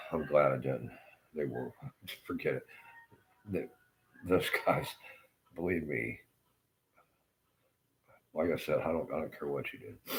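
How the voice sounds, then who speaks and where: A man's voice: very deep voice, a little hiss or hum, low-quality recording. A man livestreaming a rambling, casual monologue, swearing often and trailing off into fillers. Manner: profane, meandering, full of fillers.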